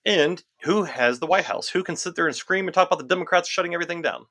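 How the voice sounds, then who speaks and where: Man, podcast co-host, fast, bright voice, animated, repeats himself. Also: high voice. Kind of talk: casual political chat.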